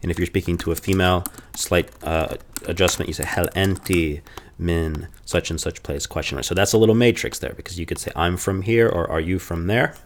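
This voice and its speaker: A man giving a language lesson, explaining and slowly repeating example phrases. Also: low voice. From Chicago. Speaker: language teacher.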